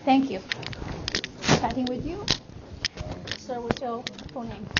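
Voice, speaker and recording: A woman's voice: fairly high pitch, slow pace. A woman teaching a class how to pronounce tones, drawing out and singing vowel sounds to show each one. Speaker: language teacher. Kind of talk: classroom instruction. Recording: lo-fi classroom recording with clear noise.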